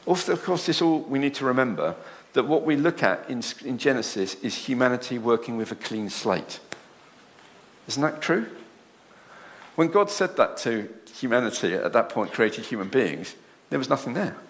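Animated male preacher with rhetorical questions. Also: medium pitch, normal speed. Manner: dramatic voices when quoting others. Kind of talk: sermon. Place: church, speaking to a congregation in a room.

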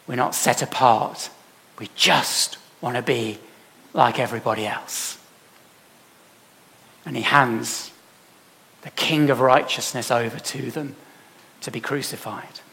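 A man preaching a sermon emphatically, putting rhetorical questions to his congregation and swinging from loud to soft. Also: medium pitch, vocal fry. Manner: emphatic, with dramatic swings in loudness. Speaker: pastor.

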